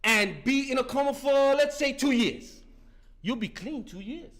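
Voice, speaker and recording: Bright, high-voiced passionate man in his fifties. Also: animated, unhurried. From New York. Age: 50s. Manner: intense, profane, repeats "listen" and "man". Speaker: speaker sharing at a recovery meeting. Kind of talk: passionate testimony share.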